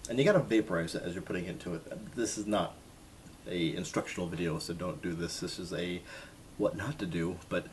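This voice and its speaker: A man's voice: deep voice, brisk, slight background noise. A man casually telling a self-mocking story to his camera in a jokey vlog style. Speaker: vlogger.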